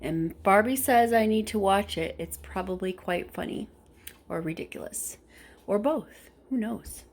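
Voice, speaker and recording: A woman's voice: medium pitch, unhurried. A woman vlogging casually from her kitchen at home, chatty and rambling, correcting herself as she goes. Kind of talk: casual vlog chat.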